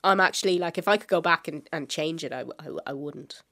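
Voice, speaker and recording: A woman's voice: low-pitched, fast, fairly bright tone. A young woman, an actress guest, chatting casually with a self-deprecating, laughing manner. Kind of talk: casual interview.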